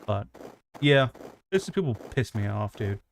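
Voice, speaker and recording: Streaming a video game, a man chats casually, ranting, swearing heavily and mocking himself. His voice is lowish and unhurried with big swings in pitch, and there is background noise.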